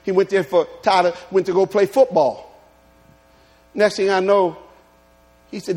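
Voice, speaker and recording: A man preaching a lively sermon, telling humorous stories and calling out to his congregation. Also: sits high, measured pace. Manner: animated preaching with humorous stories and call-outs. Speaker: pastor.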